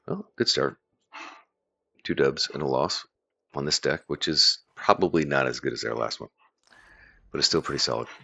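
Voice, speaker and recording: A man's voice: rumbling low, normal speed, gravelly, long pauses, pushed and bright, slightly rough, muffled recording. A man chatting casually on a live stream as he plays a card game, loose and profane, thinking aloud.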